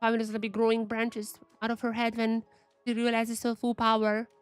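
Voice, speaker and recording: A woman's voice: fairly high pitch, completely flat delivery, brisk, clear, resonant tone, no echo, soft background music. A young woman streaming a game, chatting casually and thinking aloud as she reads the game's text. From Eastern Europe. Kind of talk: casual gameplay commentary.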